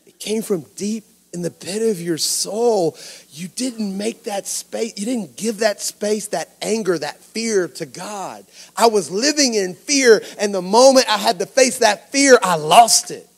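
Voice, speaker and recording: Cajun man, middle-aged pastor, higher-pitched voice; storytelling sermon that drops to asides and rises to shouts. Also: unhurried, creaky.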